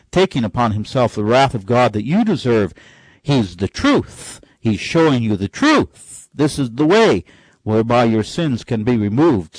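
A man preaching a sermon with fervent delivery, climbing sharply in pitch on key phrases and slowing down for emphasis. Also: no room sound.

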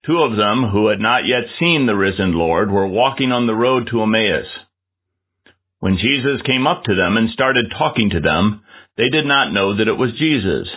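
A man's voice: lowish voice, lively intonation, normal speed, slightly rough. Earnest preacher man on tinny audio. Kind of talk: sermon.

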